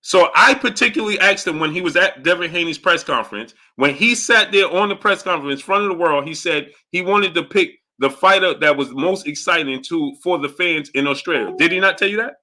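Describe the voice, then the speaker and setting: A man hosting a call-in commentary show, pushing callers with rapid-fire questions, then mocking them and laughing loudly. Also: on the high side. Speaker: boxing call-in show host.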